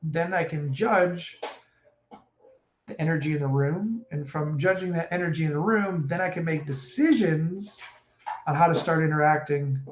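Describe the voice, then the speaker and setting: A man coaching casually on stress and breathing, animated and acting out quoted speech. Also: on the high side. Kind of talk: casual advice talk. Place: home room with a puppy. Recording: echoey room, dull sound, faint noise.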